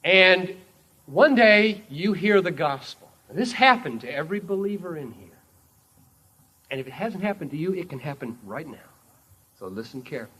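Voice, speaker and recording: A man preaching a sermon, telling a vivid story with emphatic, measured delivery. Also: on the high side, big pitch swings, sharp tone, slightly rough.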